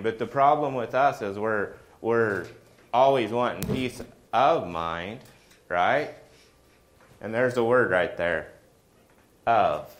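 A middle-aged man preaching a sermon in a conversational way, often asking the congregation questions. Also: fairly low pitch.

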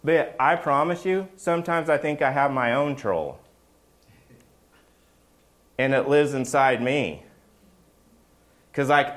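A man's voice: fairly high pitch, a bit bright. A middle-aged man giving a casual, joking sermon as a pastor, often checking in with the congregation by asking "right?".

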